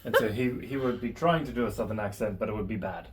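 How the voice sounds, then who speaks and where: A man chatting casually off to the side of a crochet video, soft-spoken with dry jokes. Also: fairly low pitch, quick pace, a little hiss or hum. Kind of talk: casual chat.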